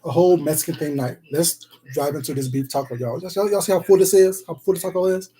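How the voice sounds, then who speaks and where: A man's voice: fairly high pitch, fast, mellow, slightly rough. A man hosting a casual eating livestream, chatting with viewers, calling them baby and sweetheart, and humming while he eats. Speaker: food vlogger on a live stream.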